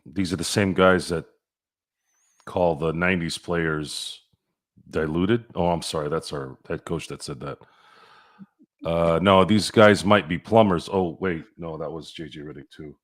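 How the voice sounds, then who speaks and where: Very deep-voiced blunt man. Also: measured pace. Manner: blunt, opinionated, crude. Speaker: podcast co-host. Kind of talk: casual sports chat.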